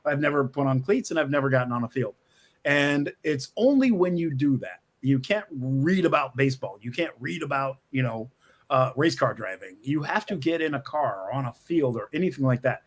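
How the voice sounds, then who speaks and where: A man's voice: mid-range voice, moderate pace. A middle-aged man, a screenwriter, telling stories in an interview over a video call from his office, restarting sentences and laughing often. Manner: animated storyteller, frequent restarts, laughs often. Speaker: screenwriter, guest. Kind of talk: conversational interview.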